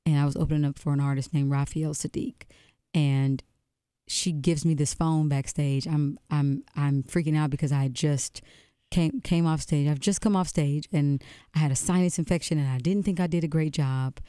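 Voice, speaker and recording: A woman's voice: deep voice, steady tone, moderate pace, warm tone, clean tone, no room sound, studio quality. A woman musician being interviewed on the radio, telling stories in a reflective way and often restarting phrases. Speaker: guest musician. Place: radio studio.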